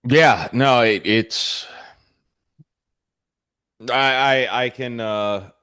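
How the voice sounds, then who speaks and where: A man hosting a podcast who talks haltingly and corrects himself as he goes. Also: mid-range voice, sharp tone, clean tone. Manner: hesitant, halting, self-correcting. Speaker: podcast host. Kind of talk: casual podcast interview.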